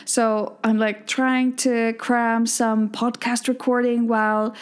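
A woman's voice: a little high, little pitch movement, slow pace, clean tone. A woman in her thirties from Iceland with an Icelandic accent, hosting a podcast from home in a chatty, self-deprecating monologue full of fillers. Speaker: podcast host.

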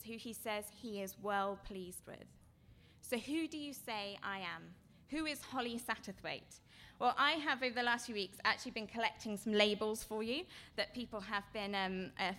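A woman giving an earnest sermon-style seminar talk, her voice going from quiet to loud. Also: medium pitch, a little hiss or hum. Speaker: seminar speaker.

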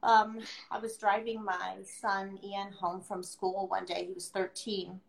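A woman's voice: mid-range voice, little pitch movement, unhurried, gravelly. A middle-aged woman, a podcast guest, talking earnestly and emphatically and repeating her key phrases. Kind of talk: heartfelt podcast conversation. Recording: echoey room.

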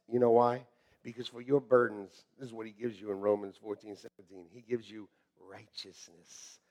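Pastor guy preaching, high gravelly voice, jokes around and laughs a lot. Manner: animated, laughing, jokey preaching. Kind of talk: sermon.

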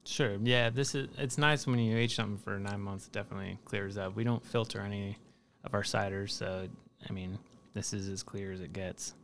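A man as an interview guest, explaining how he makes his product in a relaxed way. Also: fairly low pitch, a little fast, creaky, a little hiss or hum. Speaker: guest, cidery owner. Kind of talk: casual interview.

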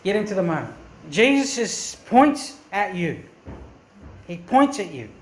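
A man's voice: high-pitched, very animated, unhurried, roomy sound. A man preaching a sermon as pastor, earnest and emphatic, often asking the congregation questions. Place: church.

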